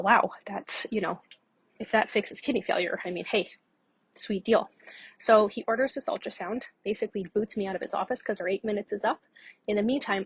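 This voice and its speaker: A woman's voice: medium pitch, husky, no room sound. A woman podcast host telling her own story in a candid, conversational way with frequent fillers. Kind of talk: personal storytelling monologue.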